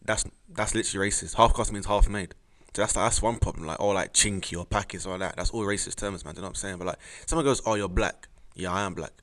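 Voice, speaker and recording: A young man co-hosts a laid-back chat. His voice sits low, and he talks quickly in slangy, joking bursts. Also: fairly bright tone. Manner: slangy and jokey, ends phrases with "man". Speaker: podcast co-host. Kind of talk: casual chat.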